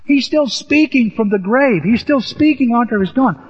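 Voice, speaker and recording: A man's voice: very high voice, lively intonation, moderate pace, breathy edge. An older man preaching a sermon, telling stories animatedly with sudden rises in his voice. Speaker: pastor. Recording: echoey hall, dull lo-fi sound.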